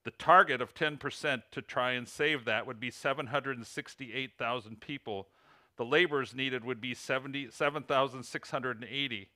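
In a church sanctuary, a man with an Illinois accent, a ministry coach appearing as guest preacher, delivers a sermon and earnestly reads out lists and figures. His medium-pitched voice is steady, moderately paced, pushed and bright, captured in a dry, studio-quality recording.

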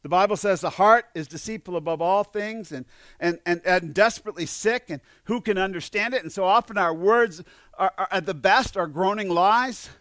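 A man with a high voice preaching with earnest conviction. He often repeats words and swings from loud calls to hushed lines. The sound is dry and close, with no room around it. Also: normal speed, dry recording. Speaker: pastor. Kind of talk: sermon.

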